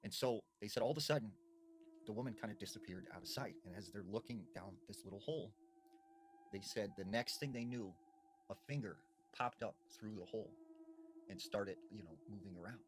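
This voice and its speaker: A man telling spooky stories in a hushed, dramatic way with drawn-out pauses. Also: on the low side, lively intonation, background noise. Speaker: storyteller. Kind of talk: spooky storytelling.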